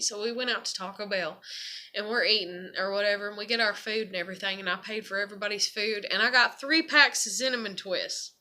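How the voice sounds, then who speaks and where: A woman's voice: mid-range voice, a little fast, pushed and bright. A woman vlogging in a casual, rambling venting monologue, emotional and profane as she tells personal stories.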